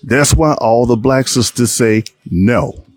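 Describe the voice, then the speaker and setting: A man hosting a solo podcast, talking to his viewers in an animated, rambling way and acting out the people he quotes. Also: medium pitch, takes it slowly, no echo. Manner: animated, plays out quoted voices, rambling restarts. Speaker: podcast host. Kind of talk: solo opinion talk to viewers.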